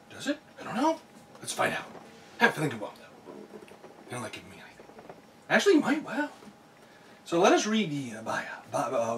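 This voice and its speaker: A man's voice: mid-range voice, fairly bright tone. A man doing a sarcastic unboxing vlog, ranting about the packing and mocking the product text. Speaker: unboxing vlogger. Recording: distant mic, noisy room.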